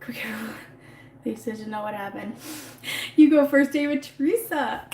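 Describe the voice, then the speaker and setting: A chatty woman with a slightly high voice rambles through a casual livestream, answering viewer comments from her phone. Her voice echoes around the room, with a faint noise underneath. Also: measured pace. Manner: chatty and rambling, laughs often. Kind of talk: casual live chat.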